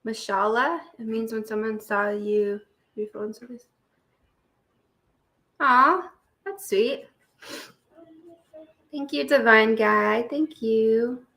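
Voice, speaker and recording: A woman's voice: on the high side, fairly even intonation, slow pace, vocal fry, pauses often, bright, forceful tone. A young woman recovering from surgery, chatting casually on a live stream, greeting viewers by name and laughing often.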